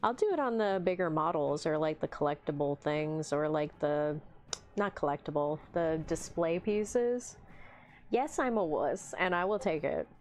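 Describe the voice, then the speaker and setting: A woman's voice: low voice, measured pace. Chatty woman hosting a hobby stream. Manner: chatty, talks to her pets in a baby voice and answers chat. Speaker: livestream host. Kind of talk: casual chat while painting miniatures.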